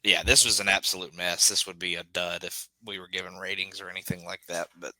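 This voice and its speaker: A man co-hosting a podcast, giving blunt opinions in a halting casual chat full of restarts. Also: low-pitched, steady tone, pushed and bright, no echo, poor audio. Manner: hesitant, repeats words, blunt verdicts. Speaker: podcast co-host.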